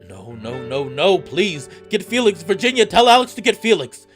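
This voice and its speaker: A desperate male wolf, voiced by a man reading a visual novel aloud, pleading loudly and frantically with a dying lover. His voice rises a little above the reader's usual pitch and pushes hard, with faint game music behind it. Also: sing-song, moderate pace. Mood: panicked. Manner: loud, pleading, frantic reassurance.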